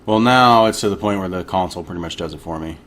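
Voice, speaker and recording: A man's voice: low voice, fast, a bit bright, a little hiss or hum. A man co-hosting a casual chat, laid-back, often murmuring agreement. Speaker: podcast co-host.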